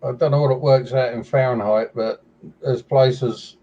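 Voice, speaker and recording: Mellow man telling dry jokes. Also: medium pitch, steady tone, normal speed, recorded from a distance, dull audio. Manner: dry joke-telling storyteller. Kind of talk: casual chat.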